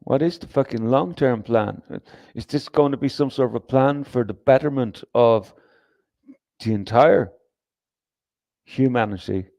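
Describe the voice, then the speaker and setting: Gravelly man ranting on a livestream. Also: medium pitch, unhurried, long pauses, darkish tone, no room sound. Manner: profane, rambling, emphatic with repeated restarts. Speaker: livestream host. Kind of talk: casual livestream rant reading chat.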